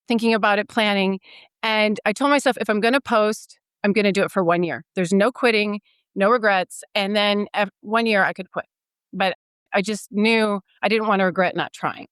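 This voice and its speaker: A woman in her fifties tells her story as a podcast guest, her voice smooth and resonant. She is casual and animated and acts out the dialogue she recalls, recorded close and dry. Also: mid-range voice, no room sound.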